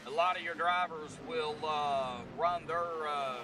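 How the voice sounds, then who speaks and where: A man with a drawl calls a sim race at an unhurried pace, slightly high-voiced. He jokes at his own expense between calls. He sits back from the mic, with plain noise behind him. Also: steady tone. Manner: laid-back, self-deprecating banter between calls. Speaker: race commentator. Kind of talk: sim racing play-by-play commentary. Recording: distant mic with clear background noise.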